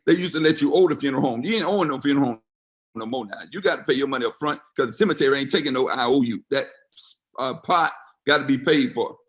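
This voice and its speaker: A middle-aged man, a pastor, talking to his congregation over a video call in a folksy, emphatic way, repeating phrases for effect. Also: medium pitch. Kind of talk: casual church talk.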